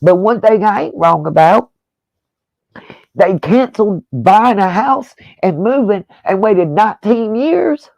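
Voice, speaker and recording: Gravelly, blunt woman ranting. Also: mid-range voice, expressive, measured pace, darkish tone, no echo, highs cut off. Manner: blunt, profane and combative; repeats pointed rhetorical questions. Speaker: true-crime YouTuber. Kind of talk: angry on-camera rant.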